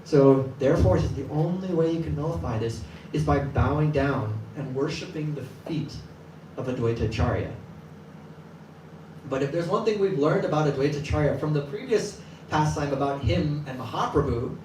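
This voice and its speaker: A man with a fairly high voice tells a sermon story to a gathered audience, in a casual and lively way, and briefly puts on the voices of the people in it. He sounds set back from the mic, and a roomy echo with faint ambience hangs around him. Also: normal speed, a little hiss or hum. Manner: lively, acts out quoted voices. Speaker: temple class speaker. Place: temple hall with live audience. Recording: echoey room from a distance, faint ambience.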